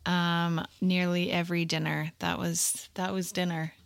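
A woman's voice: lowish voice, level tone, measured pace, gravelly, no echo, studio quality. A woman co-hosting a podcast, chatting in a playful, teasing way. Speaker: podcast co-host. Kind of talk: casual podcast chat.

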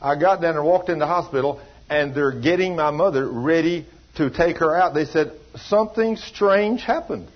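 A man's voice: a little high, moderate pace, hardly any pauses, dull audio. A man preaching a sermon, telling a story and acting out the voices of the people in it, in a folksy, down-home way. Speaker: pastor.

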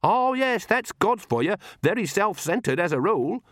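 A man voicing a crotchety, stubborn old woman witch in a storybook reading, with a sharp, blunt and dryly mocking manner. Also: high voice, big pitch swings, normal speed, no echo, clean studio sound, pitched above the performer's own voice.

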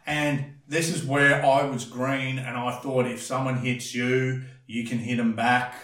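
A man's voice: mid-range voice, flat delivery, unhurried, fairly bright tone, recorded from a distance. Blunt man telling bouncer stories. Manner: blunt, crude, acts out quoted voices. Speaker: podcast guest, former bouncer. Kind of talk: casual storytelling chat. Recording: echoey room, a bit off-mic.

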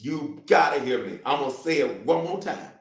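A man leads prayer and teaching for an online congregation, repeating his lines and waiting on viewers to answer. His pitch rises and falls with plenty of life and sits a touch high for a man. The sound carries a noticeable room echo. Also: normal speed, creaky. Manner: animated preacher, repeats phrases, calls for responses. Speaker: bishop leading online prayer. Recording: roomy echo.

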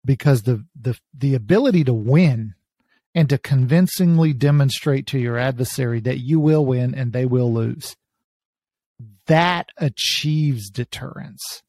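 A man hosting a podcast interview, laying out his argument in a measured way. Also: mid-range voice, a little mellow, no echo. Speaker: podcast host. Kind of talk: interview conversation.

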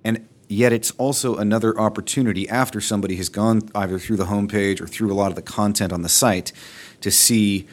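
Low-voiced man co-hosting a chat. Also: fairly even intonation, a little fast. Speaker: podcast co-host. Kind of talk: casual chat.

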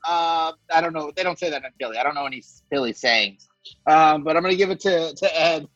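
A man's voice: on the high side, lively intonation, normal speed, bright, forceful tone, no echo, muffled recording, faint music behind. Joking, swearing podcast co-host man. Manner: profane, jokey, rambling. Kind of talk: casual chat.

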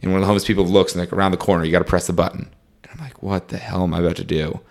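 The voice is low, creaky, and very fast, with little pitch movement. It belongs to a young man rambling through a long travel story in casual chat, using fillers like "like" and "um" and acting out what he and his friends said.

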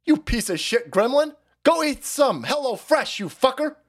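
A man's voice: extremely high pitch, sing-song, normal speed, pitched above the performer's own voice, heavily acted. A man putting on a mocking impression of a boastful elderly male official who shrieks about his own greatness. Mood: shrill boasting.

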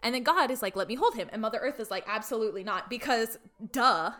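A woman's voice: on the high side, animated, fast talker, fairly bright tone. A woman in casual chat retelling a story, full of "like" fillers and playfully irreverent asides.

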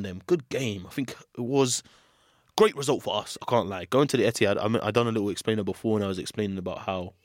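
A man's voice: fairly low pitch, no room sound, studio quality. A man hosting a casual football podcast, bantering and laughing often. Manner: animated, laughing, banter-heavy. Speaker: podcast host.

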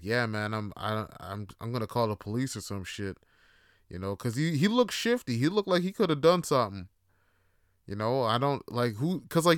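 A man's voice: on the low side, fairly bright tone, clear, resonant tone, dry recording, studio quality. A young man telling profane, laughing stories in a casual monologue, acting out other people's lines. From Toronto, Canada. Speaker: podcast host.

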